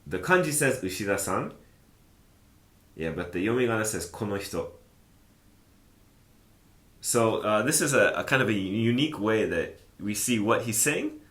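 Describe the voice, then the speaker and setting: Deep-voiced man teaching casually, echoey room. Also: fairly quick. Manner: relaxed, chatty, thinks aloud with many fillers. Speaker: language teacher. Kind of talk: casual explanatory lesson.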